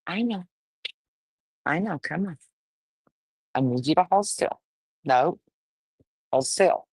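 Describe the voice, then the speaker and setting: A woman's voice: sits low, animated, slow, a little mellow, slightly rough, no echo. A woman breeding dogs, casually livestreaming while she firmly coaxes a wriggling puppy, talking in a folksy way. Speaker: dog breeder.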